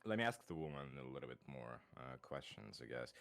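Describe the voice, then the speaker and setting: A man's voice: a bass voice, sing-song, brisk, hardly any pauses, a bit bright, clean tone. A man playing a tabletop role-playing game, asking formal questions in character. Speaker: player.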